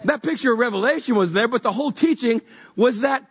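A pastor giving a conversational sermon, animated and stumbling over repeated words as he reaches for images. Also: extremely high pitch, fast talker, breathy edge.

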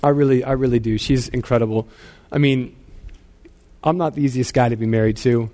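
A man's voice: medium pitch, steady tone, fairly quick, mellow. Male pastor in his thirties, casual self-deprecating sermon delivery, mid-range voice. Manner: casual storytelling, self-deprecating, repeats words often.

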